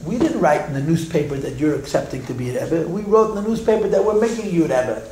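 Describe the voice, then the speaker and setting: Man, teacher, storytelling class, animated, fairly high voice, repeats words. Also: fast, slight background noise. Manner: animated, raises his voice when quoting people. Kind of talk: storytelling lecture.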